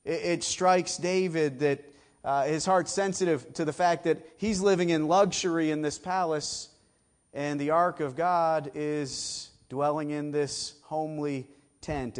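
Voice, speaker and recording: A middle-aged man from south of Boston with a Boston accent, preaching a sermon emphatically with folksy asides. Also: fairly high pitch. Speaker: pastor.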